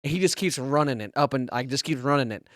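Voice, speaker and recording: A man on a podcast telling a crude, animated story between laughs in casual chat. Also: medium pitch, quick pace, dry recording, clean studio sound. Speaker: podcast co-host.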